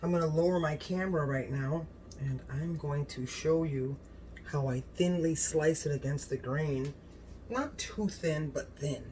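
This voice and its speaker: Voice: mid-range voice, a little slow, noisy background. A home cooking channel host talking to the camera in a casual vlog, gushing and exclaiming often about the food.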